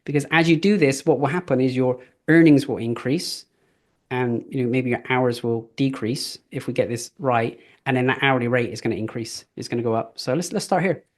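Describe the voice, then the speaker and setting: A man's voice: medium pitch, brisk. Chatty man coaching a live training. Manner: casual, chatty, with fillers and stories. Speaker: business coach.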